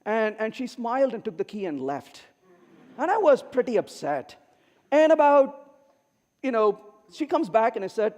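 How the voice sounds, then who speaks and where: The keynote speaker, a middle-aged man, has a very high-pitched voice and speaks at normal speed in a reverberant, large conference hall. Animated and funny, he tells stories and performs the words of the people in them.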